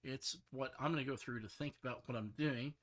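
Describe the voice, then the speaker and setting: A middle-aged man, a software developer, talking casually and rambling, frustrated, with many restarts and fillers. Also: mid-range voice, brisk, slight background noise. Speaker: software developer streaming his work.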